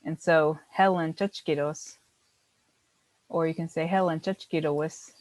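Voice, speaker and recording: A woman's voice: low voice, steady tone, measured pace, darkish tone, dry recording, low-quality recording. A woman teaching a beginner language class, explaining patiently step by step and encouraging her students.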